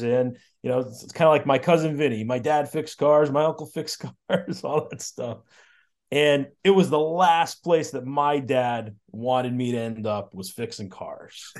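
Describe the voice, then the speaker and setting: A man's voice: medium pitch, a little mellow. A middle-aged man from Connecticut, a guest on a podcast, telling his story in a chatty way, repeating words and chuckling often. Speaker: podcast guest, auto shop owner. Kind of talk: casual storytelling interview.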